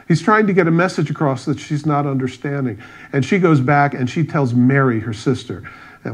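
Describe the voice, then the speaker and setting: A man pastor preaching a sermon, retelling scripture stories with wry asides and acted-out dialogue. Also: mid-range voice.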